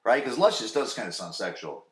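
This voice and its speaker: A man's voice: mid-range voice, big pitch swings, brisk, reverberant. A man in his forties hosting a casual solo podcast from his home basement, crude and rambling, swearing freely and full of fillers. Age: 40s. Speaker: podcast host.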